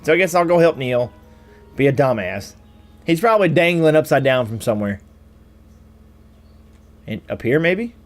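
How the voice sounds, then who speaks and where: A man's voice: a little high, lively intonation, moderate pace, long pauses, soft background music. A man hosting a let's play, casually recapping the story and joking wryly as he plays. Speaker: gaming channel host.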